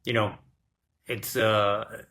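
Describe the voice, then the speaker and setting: A man hosting an interview as a director and screenwriter, speaking haltingly with many repeated words. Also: on the low side, level tone, sharp tone. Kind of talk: casual interview talk.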